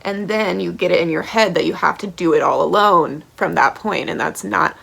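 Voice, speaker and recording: Woman tarot reader, blunt and heated, cursing, gravelly fry in her voice. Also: on the low side, normal speed, fairly bright tone. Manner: blunt, passionate, swears freely, keeps checking in with "okay?" and "right?". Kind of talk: pick-a-card tarot reading to camera.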